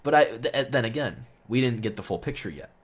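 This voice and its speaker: A man's voice: mid-range voice, lively intonation, fairly quick. A young man telling a casual storytime monologue, rambling and swearing, full of fillers, heating up when indignant. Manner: rambling, profane, heavy on fillers; gets loud and heated when indignant.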